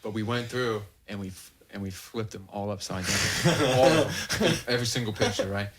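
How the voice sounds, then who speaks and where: A man's voice: fairly low pitch, moderate pace, fairly bright tone. A man on a podcast telling a long prank story in casual, constantly swearing talk, often laughing through it. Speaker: podcast host. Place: podcast studio.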